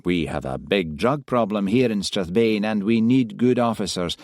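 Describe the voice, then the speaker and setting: A man reading aloud, voicing a pompous, vain senior police superintendent in a smooth, condescending manner. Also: on the low side, expressive, moderate pace, darkish tone, dry recording, studio quality. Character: pompous silver-haired male police superintendent.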